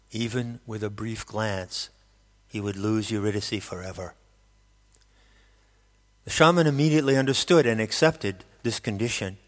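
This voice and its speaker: A man narrating an audiobook in a steady, measured storytelling manner. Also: mid-range voice. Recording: long hall reverb.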